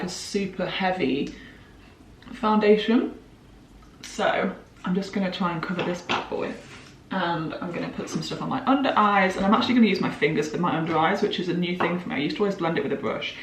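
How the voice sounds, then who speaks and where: A chatty woman in her twenties talks through her makeup routine, bubbly and gushing. She sits some way back from the mic. The room around her is roomy and echoey. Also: fairly low pitch. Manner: gushing, chatty, quick to laugh. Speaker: beauty vlogger. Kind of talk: chatty get-ready-with-me monologue. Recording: roomy echo, mic at a distance.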